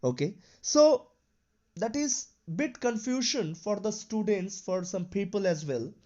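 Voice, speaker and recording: A man's voice: high voice, expressive, measured pace, a little mellow, lo-fi sound. A man teaching an English grammar lesson, explaining patiently and repeating his examples with lots of "you know" and "okay".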